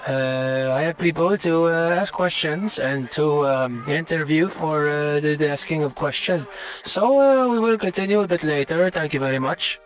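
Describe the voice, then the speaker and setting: A man's voice: fairly high pitch, soft background music, natural voice, poor audio. A man playing a bumbling French Canadian podcast host with a French Canadian accent, interviewing someone in a restaurant with many fillers and restarts. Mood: chatty. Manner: halting, full of filler sounds and restarts. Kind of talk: comic on-the-road interview.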